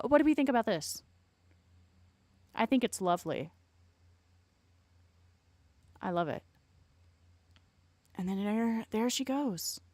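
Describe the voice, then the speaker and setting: A woman streamer giving loud, profane, rambling reaction commentary on a live stream. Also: mid-range voice, no room sound.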